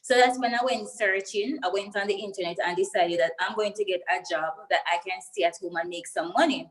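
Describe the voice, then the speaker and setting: A woman's voice: mid-range voice, brisk, low-quality recording. A young woman with a Jamaican accent, a guest in an interview, earnestly telling her personal story and getting emotional as she goes.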